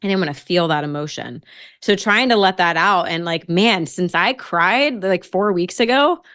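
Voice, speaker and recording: A woman's voice: fairly low pitch, moderate pace, a bit bright, clean tone, no echo, studio quality. A woman guest on a podcast, telling a personal story casually and acting out her own quotes.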